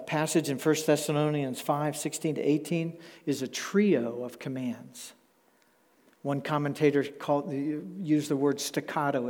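Guy preaching a sermon, mellow voice, slows way down on the big words, long church hall echo. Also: medium pitch. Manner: measured, emphatic, slows down to stress key words. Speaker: pastor. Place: church sanctuary.

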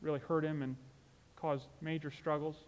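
Male preacher, slightly high voice, chatty and sincere sermon delivery. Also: little pitch movement, normal speed, long reverb tail. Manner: conversational and earnest, with asides like "you know".

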